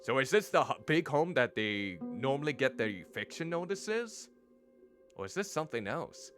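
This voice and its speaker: A man's voice: mid-range voice, sing-song, moderate pace, a bit bright, faint music behind. A male streamer reading game text aloud and commenting, stumbling over pronunciations.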